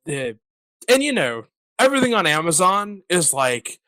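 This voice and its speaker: A man's voice: sits high, very animated, moderate pace, pushed and bright, dry recording. A man hosting a podcast, chatting casually in a rambling, joking way full of fillers. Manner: rambling, jokey, lots of fillers. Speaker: podcast host. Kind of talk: casual chat.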